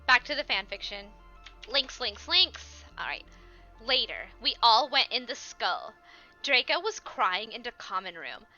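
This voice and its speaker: An animated woman streamer reads a story aloud with mock drama and laughing asides to her chat. Her voice is very bright and sits on the high side. The stream audio is a little dull and muffled, with faint music behind her. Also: moderate pace. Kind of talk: comedic dramatic reading aloud.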